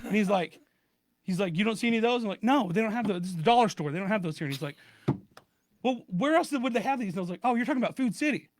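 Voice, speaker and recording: A man in a casual podcast chat with friends, telling a story in an animated way and acting out both sides of phone calls. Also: high-pitched, very fast, slight background noise. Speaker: podcast co-host.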